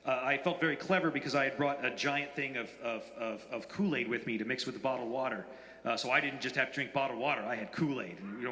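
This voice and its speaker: A man in his forties, an author telling anecdotes at a bookstore event, in a rambling, halting way full of fillers and restarts. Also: medium pitch, pushed and bright. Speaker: author at a reading. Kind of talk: live anecdotal storytelling. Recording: roomy, reverberant hall.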